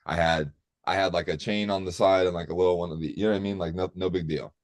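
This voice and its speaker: A man's voice: deep voice, steady tone, quick pace. A man telling a rambling, profane story in casual chat, full of fillers.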